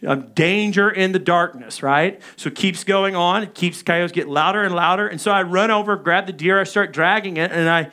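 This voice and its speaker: A pastor in his thirties preaches a sermon, telling a personal story with animated delivery and acting out his own panicked calls. His voice is high-pitched, moving at a normal speed with few pauses.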